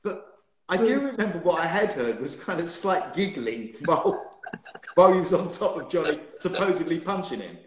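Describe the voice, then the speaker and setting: Here a fiftysomething ex-racing driver tells stories on a live stream, laughing and teasing as he goes. His voice is on the high side at a moderate pace, with a noisy background, and the phone or laptop mic captures a roomy, echoey space.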